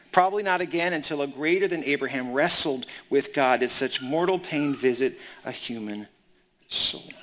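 A man's voice: a little high, bright, forceful tone. A man preaching a sermon, reading scripture and retelling it in casual, conversational paraphrase. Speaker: pastor.

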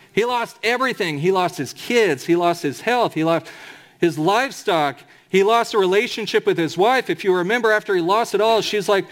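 Man, pastor, sermon, high voice, emphatic, drawn-out quotes. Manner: emphatic preaching with slowed, drawn-out scripture quotes.

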